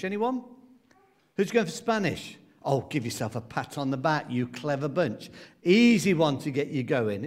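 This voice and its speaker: A man with a slightly raised voice leads a playful hands-up quiz for a family congregation. He coaxes the children along in a light, teasing way. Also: fairly high pitch. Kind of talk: lively talk to a family congregation.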